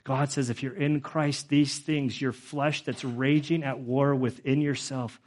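A man's voice: medium pitch, fairly even intonation, a little slow, a little mellow. A middle-aged male pastor giving a conversational sermon, with frequent fillers, who grows emotional as he goes.

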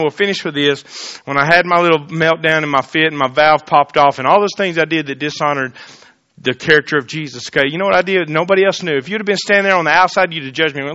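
A man preaching a sermon, swinging between loud fervent declarations and quiet confiding asides. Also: a little high, fast. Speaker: pastor.

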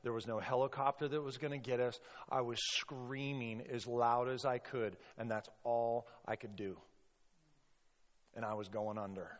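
A male pastor delivers a passionate sermon, swinging from quiet storytelling to loud acted-out outbursts. His voice carries a long, hall-like reverb. The sound is a little dull and muffled. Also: mid-range voice, fairly even intonation, normal speed. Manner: impassioned, acts out quotes with sudden loud bursts.

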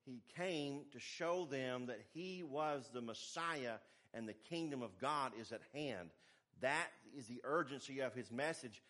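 A man preaching a sermon, emphatic, swinging between hushed asides and forceful exhortation. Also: medium pitch, measured pace.

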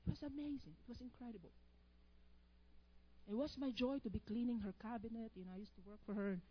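A woman's voice: a little high, fast, lo-fi sound. A woman preaching a sermon. She reads proverbs aloud, then stops to quiz the congregation on the missing words, with playful, teasing asides.

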